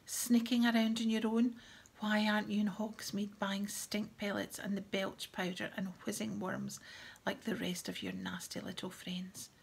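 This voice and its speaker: A woman voicing a suspicious, spiteful old male caretaker who snarls and spits his words in a storybook reading, with a gravelly edge. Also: medium pitch, little pitch movement, normal speed.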